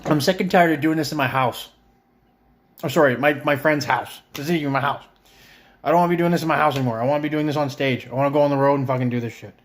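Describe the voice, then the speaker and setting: A man's voice: fairly high pitch, fast, a little hiss or hum. A middle-aged man in a friend's house, ranting with heavy swearing, exasperated and sarcastic. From Canada. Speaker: vlogger. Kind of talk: profane comedic rant.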